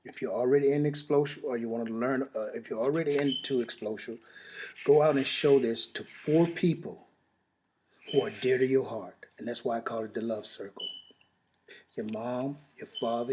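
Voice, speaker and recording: A man giving an emotional, halting testimonial and sales pitch, repeating his phrases and pausing to sigh, as if recorded on a home camera. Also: a little mellow, slight background noise. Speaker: network marketing presenter.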